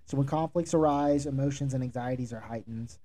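A man with a deep, very mellow voice hosts a podcast and coaches listeners. His delivery is direct and instructive. He sounds like a manager passing on hard-won advice. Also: fairly quick. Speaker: podcast host, restaurant manager. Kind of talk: solo podcast monologue giving advice.

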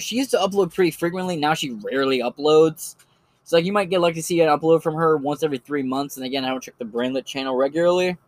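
A man's voice: fairly high pitch, no echo. A man hosting a podcast, giving casual, rambling commentary that is loose, joking and full of swearing.

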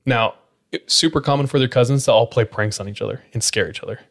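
A man's voice: mid-range voice, fast talker, vocal fry. A man hosting a podcast, casually retelling a spooky story, leaning on "like" as he talks. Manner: casual, filler-heavy retelling with frequent "like". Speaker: podcast host.

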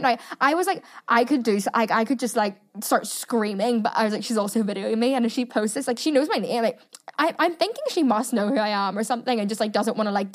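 Fast-talking woman telling a story. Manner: chatty, animated, swears often, acts out quotes in a higher voice. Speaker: podcast host. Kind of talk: casual storytelling monologue.

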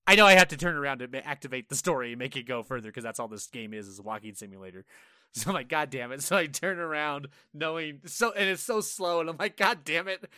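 A man on a casual gaming podcast with a bright, forceful voice, recorded dry and close. He tells animated stories, swears freely and acts out his own frustrated reactions in quoted asides. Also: medium pitch, fast, no room sound. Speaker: podcast co-host.

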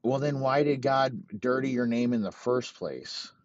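A man's voice: mid-range voice, unhurried, no room sound, muffled recording. A man giving a rambling, crude comedic rant, swearing constantly.

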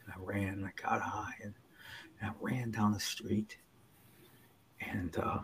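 A man telling his own recovery story as a podcast guest, earnest and halting, with many restarts and dips to near whispers. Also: lowish voice, flat delivery, a little hiss or hum. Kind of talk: personal storytelling in an interview.

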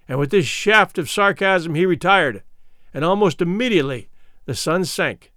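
High-voiced man reading an adventure novel. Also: expressive, a bit bright, dry recording, studio quality. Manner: measured, reflective storytelling. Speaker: audiobook narrator. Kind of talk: first-person literary narration.

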